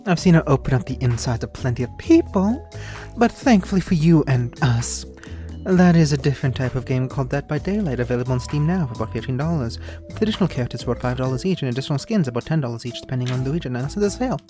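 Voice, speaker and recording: A streamer reading the game's text aloud and trading teasing, deadpan jokes with a co-host. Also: mid-range voice, fast, over music. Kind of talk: casual game stream with narration.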